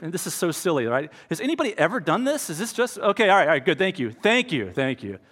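A man's voice: on the high side, fairly bright tone. A pastor preaching a conversational sermon, telling a personal story and acting out his own inner dialogue.

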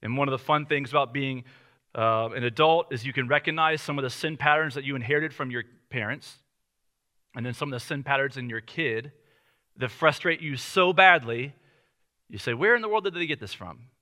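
A man in his thirties preaching a sermon as pastor, telling family stories in a relaxed, conversational way with light laughter. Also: medium pitch, brisk.

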